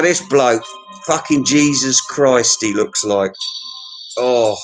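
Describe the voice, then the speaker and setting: A man's voice: medium pitch, rough recording. A British man vlogging in a rambling, sweary and mocking way, reading out questions and ranting at other people. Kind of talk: casual rambling video chat.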